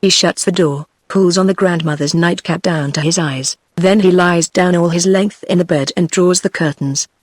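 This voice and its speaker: A computer-generated woman's voice with a British English accent, narrating a fairy tale audiobook in an even, mechanical delivery. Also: fairly low pitch, normal speed, few pauses, dry recording.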